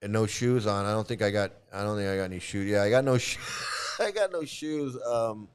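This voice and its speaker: A man casually telling a personal story, halting often and repeating his phrases as he restarts. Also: on the low side, steady tone, clean tone. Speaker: vlogger recounting past experiences.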